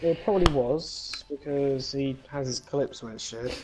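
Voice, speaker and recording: A man's voice: medium pitch, moderate pace, noisy background. A man co-commentating, teasing and playful, laughing at his own jokes.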